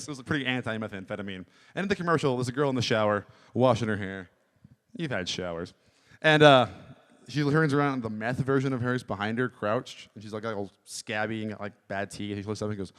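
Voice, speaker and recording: A man performing a stand-up comedy set at an open mic, rambling with deadpan asides. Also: on the low side. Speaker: stand-up comic. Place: small comedy venue.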